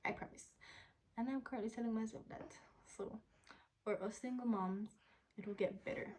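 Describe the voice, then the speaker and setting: A young woman, answering viewer questions in a candid, casual vlog, sometimes dropping into a soft whisper. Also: on the high side, steady tone, moderate pace, slight background noise, poor audio. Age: young adult. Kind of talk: casual Q&A to camera.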